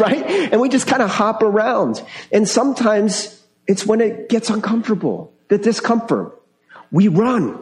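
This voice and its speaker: A man's voice: sits high, sing-song, normal speed, a little mellow. A man preaching a sermon as pastor in a conversational way, often asking the congregation questions. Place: church sanctuary. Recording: echoey hall with long reverb.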